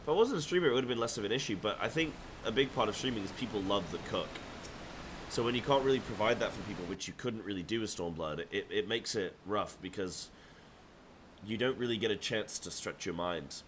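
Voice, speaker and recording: A man's voice: on the low side, animated, brisk, a little hiss or hum. A male streamer chatting casually while playing, musing aloud and restarting words as he reads. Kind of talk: casual game-stream commentary.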